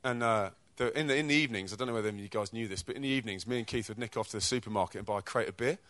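Lively British man telling a sermon story. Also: on the low side, racing, no room sound. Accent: British English. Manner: energetic, chatty storyteller who acts out quotes. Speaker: speaker at a youth church event. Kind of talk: testimony-style preaching with stories.

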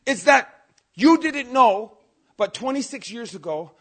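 A man preaching a sermon, telling stories with energy and swinging between quiet asides and loud outbursts. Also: very high voice, measured pace. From Canada. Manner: animated storytelling, swings from soft to shouting.

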